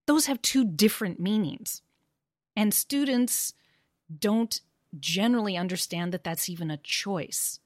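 A woman explaining pronunciation teaching, acting out example phrases with rising and falling intonation, animated and laughing easily. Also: medium pitch, a little slow, dry recording, clean studio sound. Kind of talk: conversational discussion about teaching.

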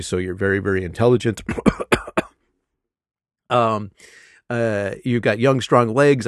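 A middle-aged man, a teacher, telling classroom stories in casual conversation, animated and laughing often. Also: on the low side, normal speed, no echo, clean studio sound. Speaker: English teacher.

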